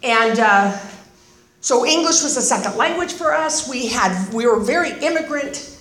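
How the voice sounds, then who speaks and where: An older woman from Northern California shares her story at a recovery meeting, wry and self-deprecating, full of chatty asides. Her voice is high, and the sound rings in an echoey room. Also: expressive, moderate pace, a bit bright. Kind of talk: personal storytelling talk.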